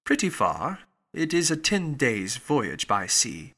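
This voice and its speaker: A man playing a shrewd, suspicious detective who questions in a measured, probing way. The voice sits lower and calmer than the rest of the reading, still clear and bright. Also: full character voice. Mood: curt. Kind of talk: audiobook character reading.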